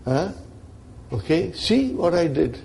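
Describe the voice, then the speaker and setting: A man's voice: a little high, very animated, takes it slowly, gravelly, warm tone, breathy edge. A man teaching an Arabic grammar lesson to a class, checking in with his students often and acting out the grammar as characters.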